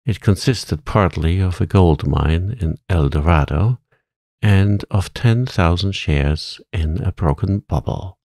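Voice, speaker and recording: A man reading a classic story aloud in a calm, soothing, soft-spoken bedtime manner. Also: low-pitched, takes it slowly, no echo, clean studio sound. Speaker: audiobook narrator.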